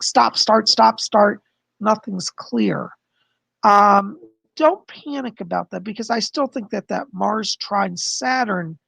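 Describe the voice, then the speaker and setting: Male psychic host, hoarse, very gravelly and husky, chatty livestream explainer. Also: high-pitched, fairly bright tone, no echo. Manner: chatty, explains with frequent "okay?" and "you know". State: hoarse, losing his voice. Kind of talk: casual livestream astrology forecast.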